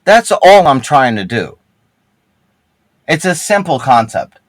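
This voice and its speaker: A man talking over a headset in a gaming group chat, his pitch swinging widely as he pushes his point. He rambles, trips over his words and swears heavily. The sound is dry and close. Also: big pitch swings, slow, no room sound, poor audio. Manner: rambling, heavy swearing, many restarts. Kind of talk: heated casual voice-chat argument.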